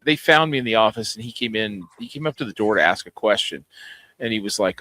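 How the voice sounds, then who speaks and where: A man's voice: lowish voice, quick pace, dry recording, low-quality recording. A man co-hosting a podcast, telling stories in casual chat and swearing freely. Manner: profane, animated storyteller. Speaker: podcast co-host.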